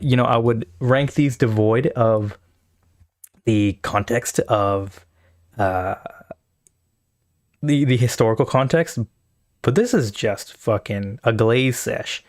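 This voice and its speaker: A South Asian man talks at a slow pace in a mid-range voice, pausing often as he thinks aloud on a live stream. His reaction commentary is casual, rambling and profane, with faint anthem music in the background.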